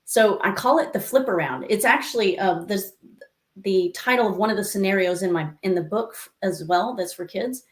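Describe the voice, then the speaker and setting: A woman life coach telling stories as an interview guest, lively and acting out the voices she quotes, with many asides to the listener. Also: medium pitch, moderate pace. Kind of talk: conversational interview storytelling. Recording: echoey room.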